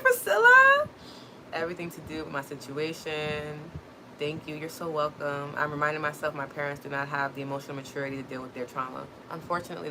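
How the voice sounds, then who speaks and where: Over some background noise, a woman with a low voice hosts a livestream motivational talk. She speaks earnestly and reassuringly to her viewers, frequently checking in with "right?".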